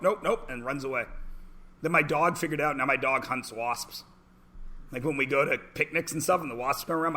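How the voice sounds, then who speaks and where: A man in his forties teaches a math class, lecturing chattily with jokes and anecdotes and pausing to ask the class questions. His voice is medium-pitched, bright, and forceful.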